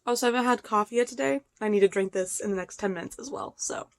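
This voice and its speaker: A young woman chatting casually about a book in a reading vlog, excitable and full of fillers, swinging between hushed asides and loud outbursts. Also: medium pitch, fast talker, no room sound. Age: young adult. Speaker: book vlogger.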